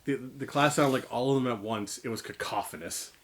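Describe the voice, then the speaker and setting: A man from Canada co-hosting a casual beer review, jokey and animated, with exaggerated reactions to what he tastes. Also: mid-range voice, fairly quick, slight background noise. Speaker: co-host of a beer review show. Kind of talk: casual chat.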